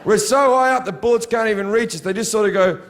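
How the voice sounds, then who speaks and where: High-voiced crude stand-up comic. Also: male voice, fast, noisy background. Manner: crude, sardonic, acts out his story. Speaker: stand-up comedian. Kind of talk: stand-up storytelling.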